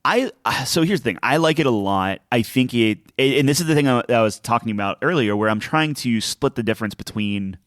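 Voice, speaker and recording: A man's voice: mid-range voice, animated, brisk, few pauses, fairly bright tone, no echo, clean studio sound. A man co-hosting a podcast in casual chat. He rambles with restarts and acts out quoted lines. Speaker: podcast co-host.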